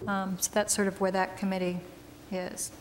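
A woman on a school board lays out a committee's plans in a plain, explanatory way. Her pitch barely moves. Faint room noise sits under her voice. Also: little pitch movement, moderate pace, big-room sound. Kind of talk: public meeting report.

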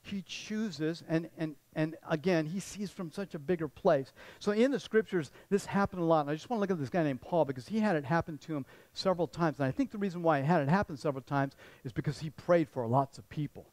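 A man's voice: a little high, brisk, hardly any pauses, darkish tone, no room sound, rough recording. A man pastor giving a conversational sermon, often repeating words and restarting sentences.

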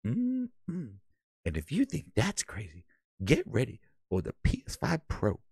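A man doing a comic impression of a famous console architect: a low, muttering voice, indignant and swearing. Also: wildly swooping pitch, unhurried, vocal fry, a little mellow, breathy edge, no room sound, studio quality, full character voice. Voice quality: low, muttering, mumbled under the breath.

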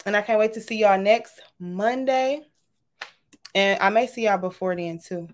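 Woman host, medium pitch, casual and affectionate livestream chat. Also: moderate pace. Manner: warm, chatty, says y'all often.

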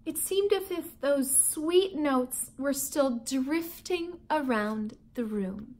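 Woman teacher reading a kids' book aloud, high lively voice, slow and expressive. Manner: expressive, storytelling. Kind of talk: children's book read-aloud.

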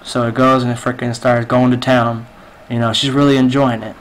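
A man's voice: mid-range voice, level tone, fairly quick, slight background noise, poor audio. A man telling a long dirty joke in game voice chat, rambling with lots of fillers, on a headset mic. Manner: rambling, filler-heavy storytelling. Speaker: game player.

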